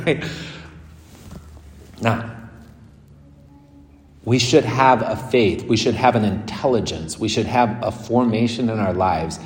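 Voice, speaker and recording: A man's voice: fairly low pitch, measured pace. A man, a Catholic priest, giving a casual, chatty homily with laughing asides. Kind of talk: conversational homily. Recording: echoey church with long reverb.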